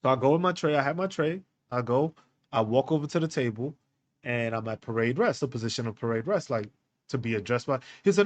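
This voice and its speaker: A man hosting a podcast, telling a personal story in a candid, halting way with many fillers and restarts. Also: mid-range voice, animated, no echo. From United States. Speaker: podcast host.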